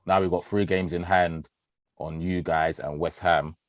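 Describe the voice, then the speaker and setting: A man, chatting about football as podcast co-host, animated and slangy, swearing freely and laughing often. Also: low voice, unhurried, no room sound. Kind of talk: casual football chat.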